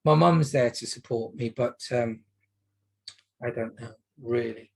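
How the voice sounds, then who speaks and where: A man playing a low, tearful young male patient in a role-play demonstration, speaking quietly and trailing off. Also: measured pace, creaky, a little hiss or hum. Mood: downcast.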